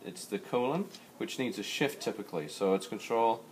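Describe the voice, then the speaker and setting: A man's voice: fairly low pitch, expressive, moderate pace, darkish tone. A man walking through a how-to demonstration on a laptop, explaining each step plainly and in order, like a teacher. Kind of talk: screen-recorded how-to walkthrough.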